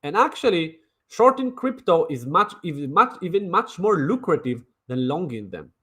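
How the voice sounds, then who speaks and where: A man's voice: on the high side, very animated, moderate pace, sharp tone, breathy edge. A man streaming crypto trading commentary in a brash, mocking way, swearing and repeating himself. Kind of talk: casual livestream commentary.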